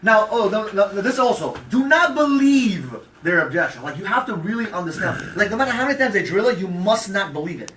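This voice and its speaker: Man, sales trainer, brash, high and quick, echoey room, mic far off. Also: animated, fairly bright tone, slight background noise. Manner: brash, emphatic, acts out customer lines. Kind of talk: sales training talk to a group.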